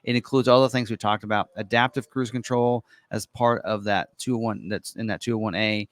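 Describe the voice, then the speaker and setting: A man with a fairly low voice talks through an online configurator in a loose, unscripted way. He fills pauses with ums and uhs and corrects himself as he goes. The sound is dry and close, with no room echo. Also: steady tone. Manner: casual and chatty, many ums and uhs, corrects himself on the fly. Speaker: car presenter walking through an online configurator. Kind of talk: unscripted screen walkthrough.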